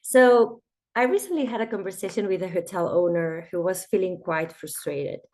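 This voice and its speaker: A woman with a croaky voice from a cold, giving a webinar presentation and speaking directly to her listeners. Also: lowish voice, moderate pace, darkish tone. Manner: storytelling, addresses listeners directly.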